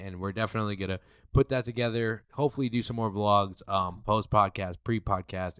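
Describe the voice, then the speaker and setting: A man hosts a podcast and chats in a loose, slangy, rambling way. His voice is smooth and on the low side. The recording is dry and close. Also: a bit bright, no echo. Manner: laid-back, rambling, slangy. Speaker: podcast host. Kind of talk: casual podcast chat.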